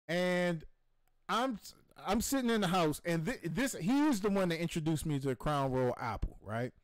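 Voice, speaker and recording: A man hosting a gaming stream who tells a rambling, profane story with excitement and acts out the voices in it. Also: fairly high pitch, dry recording. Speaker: show host.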